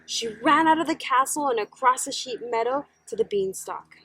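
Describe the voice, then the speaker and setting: A woman teacher reading a children's story aloud, slow, gentle and expressive. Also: high-pitched, slightly rough, no room sound, low-quality recording.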